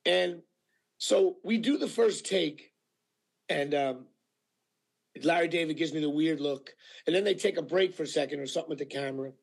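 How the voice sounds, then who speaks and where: A male actor telling anecdotes in a casual interview, animated and full of fillers, acting out what people said. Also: on the high side, moderate pace, gravelly. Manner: animated storyteller with many fillers, acting out quotes. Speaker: actor guest.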